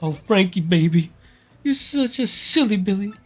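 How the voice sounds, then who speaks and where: A man's voice: high-pitched, expressive, normal speed, voice pushed up. A man voicing a clingy, melodramatic lovestruck woman with a Southern belle drawl, gushing and demanding. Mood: doting.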